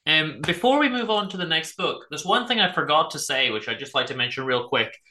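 Guy on a book podcast, really bright sharp voice, acts out quotes as he goes. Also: fairly high pitch, brisk. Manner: animated storyteller, reads quotes aloud. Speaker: podcast co-host. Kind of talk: casual book chat.

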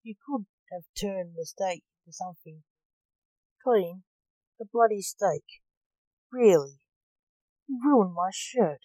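A woman's voice: mid-range voice, moderate pace, a little mellow, dry recording, lightly acted, poor audio. A woman voicing a weary male king of death who answers with dry, exasperated sarcasm. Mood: livid.

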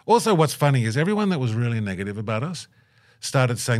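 A middle-aged man in an interview, telling stories with lively energy and acting out the people he quotes. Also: medium pitch, quick pace. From Australia. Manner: animated, puts on voices when quoting people. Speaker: guest. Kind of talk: storytelling interview.

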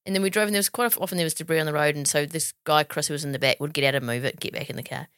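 A woman's voice: low-pitched, rapid-fire, fairly bright tone, smooth, dry recording, clean studio sound. A woman co-hosting a podcast, chatting and telling a story in a blunt, laughing way. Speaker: podcast co-host. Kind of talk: casual chat, storytelling.

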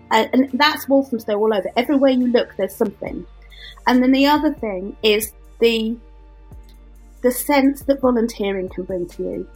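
A woman talks on a podcast panel in a slightly high voice with a husky edge. She laughs easily as she speaks. Light music sits faintly under her. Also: low-quality recording. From London. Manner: warm-hearted, laughs often. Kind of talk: casual panel chat.

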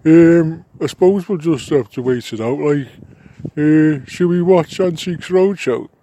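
A man's voice: on the high side, a little slow, mellow, slight background noise. A man in improvised comedy banter, chatty and laddish, swearing freely. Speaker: comedy partner playing a local man.

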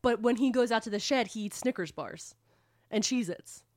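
A woman casually recapping a book plot on a podcast, rambling and animated, with swearing. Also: on the high side, moderate pace, dry recording, studio quality. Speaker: podcast co-host retelling a book. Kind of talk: casual chat.

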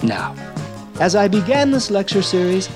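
A man's voice: sits high, sing-song, normal speed, over music. A man hosting a comic audio lecture series in a mock-pompous, old-fashioned lecturing manner. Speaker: host.

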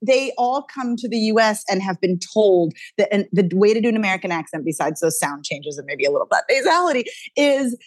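A woman dialect coach chatting energetically as a podcast guest, quick and talkative. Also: medium pitch, lively intonation, no echo. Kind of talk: casual podcast interview.

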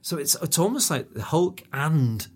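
A man's voice: a little high, sing-song, normal speed, husky. A man co-hosting a podcast, talking casually and enthusiastically about a TV show, often restarting his sentences. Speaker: podcast co-host. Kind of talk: casual chat.

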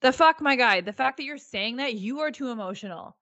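A woman's voice: fairly high pitch, animated, fairly quick, bright, forceful tone, no room sound, muffled recording. A woman co-hosting a casual podcast chat, ranting heatedly and swearing. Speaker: podcast co-host.

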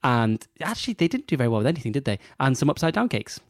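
A man's voice: medium pitch, sing-song, rapid-fire, no room sound, clean studio sound. A man co-hosting a casual podcast chat, blunt and teasing, fond of puns. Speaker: podcast co-host.

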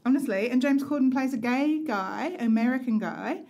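A woman's voice: high voice, normal speed, vocal fry, a little mellow. A middle-aged woman co-hosting a casual chat, talking with enthusiasm and laughing often. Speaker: podcast co-host.

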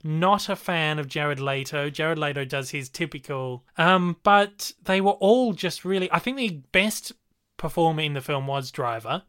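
A man's voice: on the high side, moderate pace, few pauses, fairly bright tone, clear, resonant tone. A man co-hosting a casual film review chat, enthusiastic and rambling, with fillers and restarts.

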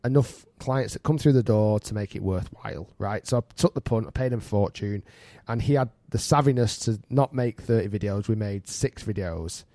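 Podcast host, thirties, animated and self-mocking storyteller, mellow tone, dry studio sound. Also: male voice, lowish voice, normal speed, no echo. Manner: animated, self-mocking, laughs through stories. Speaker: podcast host and golf coach. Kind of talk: casual storytelling chat.

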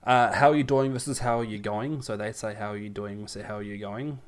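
A man's voice: fairly low pitch, steady tone, fairly quick. A man with an Australian accent hosting a casual podcast chat, joking and laughing often as he runs through a list. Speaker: podcast host.

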